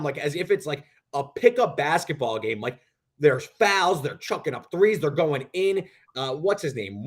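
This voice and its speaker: Animated young guy, highish voice. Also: slightly rough. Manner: animated, rambling storytelling with many "like"s. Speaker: sports betting co-host. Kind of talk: casual podcast chat.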